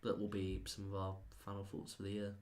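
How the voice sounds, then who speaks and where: A man co-hosting a casual film podcast, chatty and quick to swear and laugh out loud. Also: sits low, completely flat delivery. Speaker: podcast co-host.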